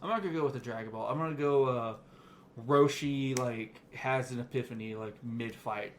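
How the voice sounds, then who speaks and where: A man co-hosting a casual podcast chat, easygoing and quick to laugh. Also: medium pitch. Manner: easygoing, chatty, laughs easily. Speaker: podcast co-host.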